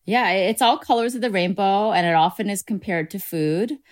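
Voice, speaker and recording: A woman's voice: mid-range voice, brisk. A woman dermatologist, a guest in an interview, explaining her work in a lighthearted, chatty way. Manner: lighthearted, explanatory, with casual fillers. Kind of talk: conversational interview.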